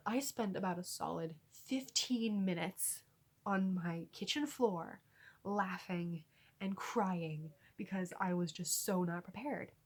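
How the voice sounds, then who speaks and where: Husky-voiced young woman telling a story. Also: on the low side, takes it slowly. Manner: animated, laughing storytelling. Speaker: vlogger. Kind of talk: storytime vlog.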